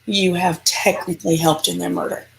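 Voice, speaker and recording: A woman's voice: lowish voice, normal speed, gravelly, slight background noise, poor audio. A woman, a paranormal investigator, speaking emphatically and animatedly as an interview guest. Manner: emphatic, animated, laughs often. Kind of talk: casual interview chat.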